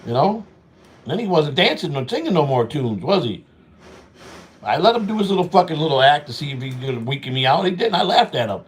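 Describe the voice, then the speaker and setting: A man's voice: a little high, big pitch swings, brisk. A middle-aged man hosting a walk-and-talk show, telling street stories bluntly and with lots of swearing, acting out both sides of old arguments. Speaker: show host.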